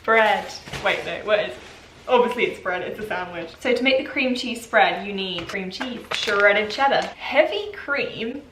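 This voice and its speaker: A woman's voice: medium pitch, measured pace. Chatty young British woman, echoey kitchen. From United Kingdom. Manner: chatty, giggly, self-mocking. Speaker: vlogger. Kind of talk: casual cooking vlog chat. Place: home kitchen. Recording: echoey kitchen, mic far off, noisy.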